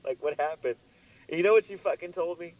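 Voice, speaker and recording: A young man co-hosting a podcast, telling a story in a lively way and swearing often, his voice jumping up when he gets worked up. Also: on the high side, fast, poor audio. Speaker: podcast co-host. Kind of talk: casual chat.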